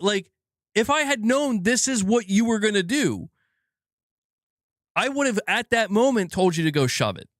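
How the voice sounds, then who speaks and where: A man's voice: sits high, big pitch swings, moderate pace, long pauses, no echo, studio quality. A man in his thirties hosting a gaming channel, ranting casually with frustration, swearing and stumbling over restarts. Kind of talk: casual livestream rant.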